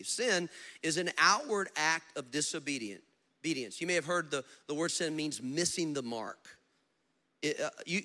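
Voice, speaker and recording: Male pastor, bright and forceful tone, preacher who tells stories with acted dialogue. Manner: preaching with big swings between loud emphasis and low storytelling. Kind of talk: sermon.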